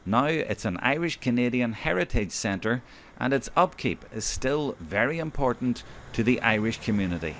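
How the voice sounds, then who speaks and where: Guy narrating a local documentary, lively pitch, measured delivery. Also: a little hiss or hum.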